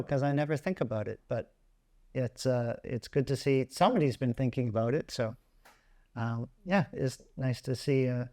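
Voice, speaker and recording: This is a man with a mellow, warm voice. He is the playwright guest and answers calmly, with a dry, understated wit. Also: medium pitch.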